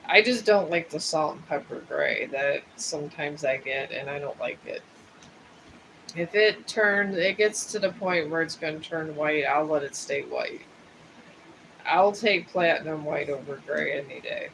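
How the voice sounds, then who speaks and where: Male tarot reader on a livestream; high-ish voice, rambling and chatty, laid-back. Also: measured pace, creaky, fairly bright tone, a little hiss or hum, poor audio. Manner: rambling and chatty, drifting between topics. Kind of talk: casual livestream chat. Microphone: streaming setup.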